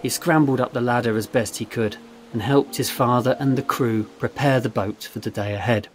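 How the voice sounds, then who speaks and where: A man narrating a story in a steady, measured reading voice. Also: medium pitch, slight background noise. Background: faint guitar music.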